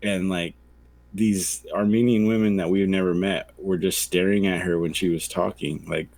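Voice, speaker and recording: Low-voiced man telling a rambling story. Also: moderate pace, dry recording. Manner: rambling storyteller, animated quoted voices, swears freely. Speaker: podcast co-host. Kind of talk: casual chat.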